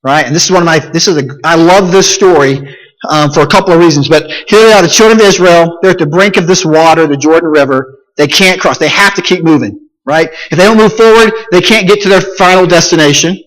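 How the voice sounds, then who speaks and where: A male pastor giving a sermon, retelling the story in lively everyday words and repeating key phrases for emphasis. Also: on the high side, a little fast, long reverb tail, poor audio.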